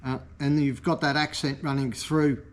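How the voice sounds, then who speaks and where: A man's voice: mid-range voice, flat delivery, normal speed. A man hosting a casual product showcase vlog for his motorcycle parts shop, enthusiastic and easygoing. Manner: enthusiastic, easygoing, talks like a salesman.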